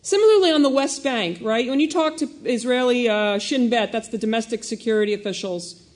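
A woman reporter speaking on a panel, a little emotional, talking quickly and telling stories with animation. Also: fairly high pitch. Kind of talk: panel discussion.

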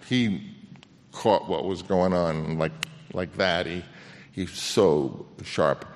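An older man, a film director, telling an anecdote on stage in a halting way with many restarts, acting out the voices he quotes. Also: low voice, slight background noise. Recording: long reverb of a hall.

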